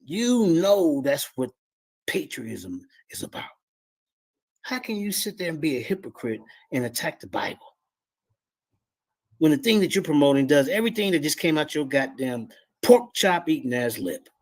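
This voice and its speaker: A man hosts a show, tearing into a guest with loud, mocking commentary. His voice is gravelly and husky, and it leaps all over the place as he shouts in disbelief. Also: fairly high pitch, sing-song, moderate pace. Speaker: show host.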